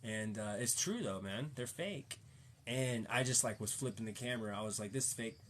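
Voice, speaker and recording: A man's voice: on the low side, lively intonation, normal speed, fairly bright tone, a little hiss or hum. Slangy, cussing rambling man. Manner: fired-up, preachy. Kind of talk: casual rambling chat.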